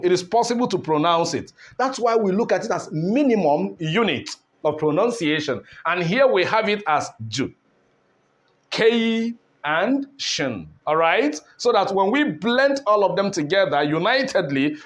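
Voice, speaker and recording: A man teaching an English lesson at a board, speaking deliberately, repeating key words and asking rhetorical questions. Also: sits high.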